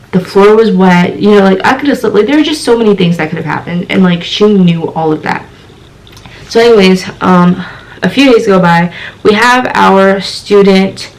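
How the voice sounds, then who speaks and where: A woman's voice: medium pitch, poor audio. A young woman telling a story on her vlog, chatty and exasperated, full of "like" and "you know.". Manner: chatty, filler-heavy retelling with lots of "like". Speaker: vlogger.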